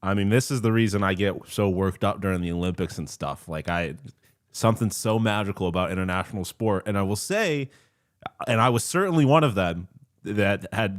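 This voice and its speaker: A man co-hosting a casual sports podcast who talks excitably, swears a lot and laughs easily. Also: fairly low pitch. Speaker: podcast co-host. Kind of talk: casual chat.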